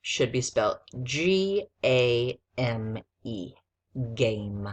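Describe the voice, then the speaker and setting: Slow, low-voiced woman teacher dictating spelling. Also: sing-song. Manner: spells words out letter by letter, patient and deliberate.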